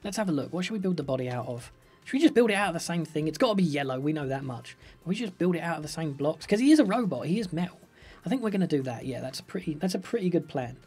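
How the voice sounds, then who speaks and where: A man's voice: fairly high pitch, sing-song, rapid-fire, hardly any pauses, darkish tone, breathy edge. A young man streaming a building game live, chatting playfully with viewers and reading out their questions. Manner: playful, upbeat, chatty, jokey. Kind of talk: live gameplay commentary, reading chat.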